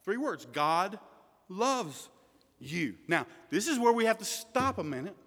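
Male preacher, bright high voice, emphatic delivery shifting from quiet to forceful, long reverb of a hall. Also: big pitch swings, measured pace. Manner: emphatic, swings from hushed to loud. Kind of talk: sermon.

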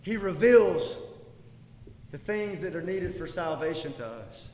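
A man's voice: fairly high pitch, lively intonation, a little slow, darkish tone. A man preaching a sermon as pastor, building intensity and asking rhetorical questions. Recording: echoey hall.

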